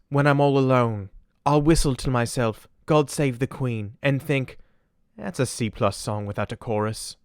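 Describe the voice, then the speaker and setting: A comedian doing a put-on English accent as an earnest, clueless young royal man, reading absurd confessions from his memoir in a solemn, deadpan audiobook style. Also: medium pitch, dry recording, studio quality, natural voice. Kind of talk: parody audiobook narration.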